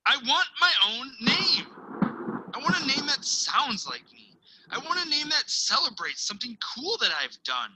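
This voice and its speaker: A woman teacher reading a picture book aloud, telling it expressively with dramatic pauses and hushed asides. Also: sits high, sing-song, very noisy.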